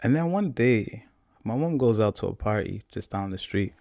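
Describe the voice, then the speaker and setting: Young guy on a podcast, gravelly voice, dry close mic, tells his story casual and repeats himself a lot. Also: fairly low pitch, normal speed, dry recording. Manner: casual, repetitive, animated retelling. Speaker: podcast host. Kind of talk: personal storytelling.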